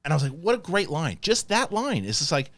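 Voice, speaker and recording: Fast, animated man hosting a chat. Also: a little high, no echo. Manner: animated, acts out scenes in quoted voices. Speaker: podcast host. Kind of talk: casual chat.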